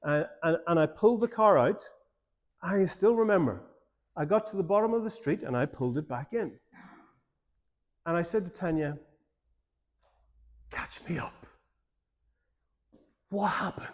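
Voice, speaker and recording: A man with an Irish accent, a pastor telling a personal story in a church seminar talk, in an informal, animated way. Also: high-pitched, moderate pace, long pauses. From Ireland.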